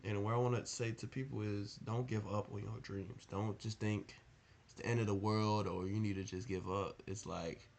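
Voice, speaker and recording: A man's voice: fairly low pitch, steady tone, moderate pace, vocal fry, a little mellow, slight background noise. A young man giving casual motivational advice in a rambling, earnest way, often asking rhetorical questions. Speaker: motivational vlogger.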